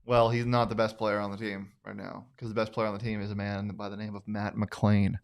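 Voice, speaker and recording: A man's voice: on the low side, level tone, a little fast, gravelly. A man hosting a casual sports betting chat, bantering and joking with many restarts. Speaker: sports betting show host.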